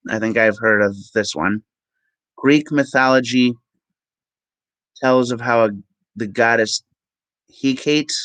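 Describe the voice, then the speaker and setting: Slow, halting man reading aloud. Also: on the low side, a bit bright, no echo, low-quality recording. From Minnesota. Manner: halting, with ums and self-corrections. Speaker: vlogger. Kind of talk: reading aloud from web pages.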